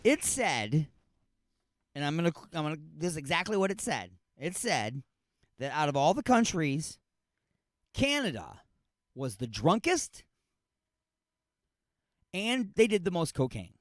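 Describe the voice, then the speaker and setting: A man's voice: a little high, big pitch swings, measured pace, pauses often, no room sound, clean studio sound. A man hosting a comedic talk radio show, ranting in a monologue and firing off rhetorical questions, often restarting and repeating himself.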